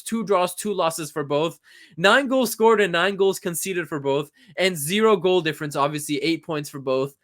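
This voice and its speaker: A man's voice: sits high, fairly bright tone. A young man giving a casual, opinionated football recap, chatting in a rambling way with frequent restarts. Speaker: football channel host.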